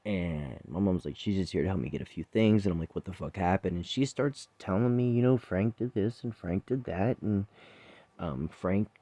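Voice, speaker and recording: A man with a very low, mellow voice tells a painful story from his own life straight to the camera. He swears freely and is raw with emotion, loud when he is angry and hushed when he is full of regret. The sound is dry and close. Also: moderate pace, dry recording. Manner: raw, profane, emotional retelling; quiet and subdued when remorseful.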